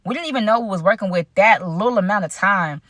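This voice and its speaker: Young adult woman vlogger, lively slangy storytime delivery, dead-dry room. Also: medium pitch, fast, no echo. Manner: animated, slangy, addresses viewers as y'all. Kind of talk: casual storytime.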